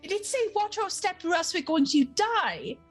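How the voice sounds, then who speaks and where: A playful woman player talks in character during a tabletop game. Her voice is high with lively swings. Faint music sits behind her. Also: moderate pace, no echo. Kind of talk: casual in-character game chat.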